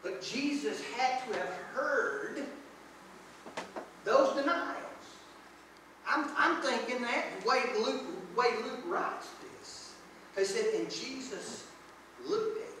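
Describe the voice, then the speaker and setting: A man's voice: very high-pitched, expressive, takes it slowly, bright, forceful tone, far from the mic, slight background noise. A man preaching a sermon, reading scripture and acting out the quoted lines, with folksy asides. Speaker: pastor. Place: church sanctuary. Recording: echoey church hall, speaker away from mic.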